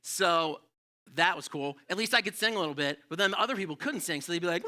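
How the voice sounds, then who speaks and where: A middle-aged male comedian on a club stage, rambling through a loose, profane set. His voice sits fairly high and comes across very bright and forceful. He keeps it self-deprecating. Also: lively intonation, fast talker. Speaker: stand-up comedian. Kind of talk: live stand-up set.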